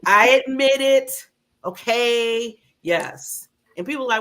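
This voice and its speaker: A woman's voice: a little high, slow, a bit bright. A woman hosting a talk show in a bubbly, emotional way, laughing often. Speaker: host.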